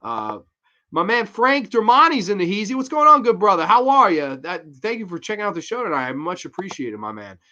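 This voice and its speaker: A man's voice: high voice, wildly swooping pitch, a little fast, bright, forceful tone, muffled recording. A man hosting a casual show, bluntly and profanely ranting through a horror movie review.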